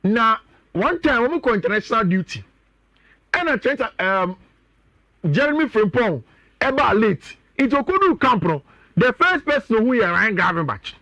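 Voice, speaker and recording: A man's voice: extremely high pitch, big pitch swings, normal speed, bright, forceful tone, dry recording. A man with a Ghanaian accent, talking as a sports pundit on a radio show, chatty and often addressing his co-host.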